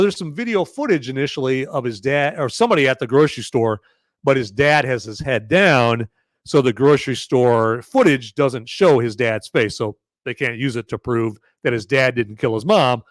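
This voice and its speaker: A man's voice: mid-range voice, dry recording, clean studio sound. A man hosting a live movie review podcast, talking casually and sarcastically with many fillers and frequent "okay?" checks to his chat.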